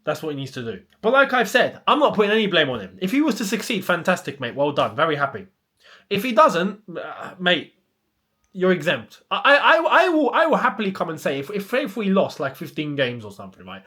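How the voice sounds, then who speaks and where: A man's voice: sits high, huge pitch swings, fairly quick, pushed and bright. A young man, hosting a casual football chat and ranting with plenty of rhetorical questions. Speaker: football channel host.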